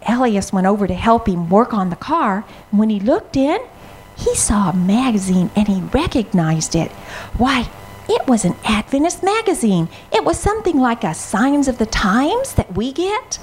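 A woman telling a children's story in an expressive, dramatic way, gasping and pausing for effect. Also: fairly high pitch, a little hiss or hum.

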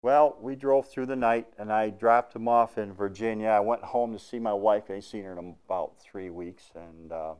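A man with a fairly low voice recounts a testimony of faith from life on the road as a truck driver. He talks in a plain, folksy way with everyday grammar slips, and he turns loud and eager whenever the story hits its big moments. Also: moderate pace, few pauses, clean tone. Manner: grows loud and excited at the high points. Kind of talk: spoken personal faith testimony.

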